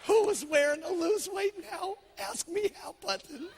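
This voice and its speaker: A man voicing a timid, excited young housewife who answers her husband quietly. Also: very high voice, unhurried, vocal fry, background noise, voice pushed up, exaggerated voice. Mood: sheepish.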